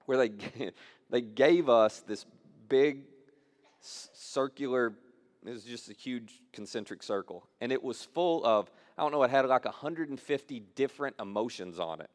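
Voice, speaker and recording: A man's voice: medium pitch, measured pace. A male pastor giving a conversational sermon. He repeats phrases for emphasis and acts out quoted lines as he talks.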